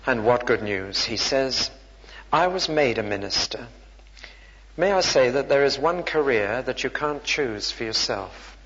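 Earnest preacher in a reverberant church. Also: male voice, medium pitch, expressive, measured pace, few pauses, a bit bright. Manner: earnest, rhetorical, rising emphasis. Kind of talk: sermon. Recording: dull recording in a reverberant church.

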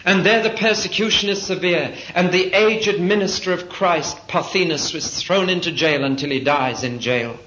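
A man's voice: a little high, a bit bright. A man preaching a sermon, telling stories dramatically, rising and dropping his voice for emphasis. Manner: dramatic, rises and drops for emphasis. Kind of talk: sermon storytelling. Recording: dull lo-fi old tape with faint hiss.

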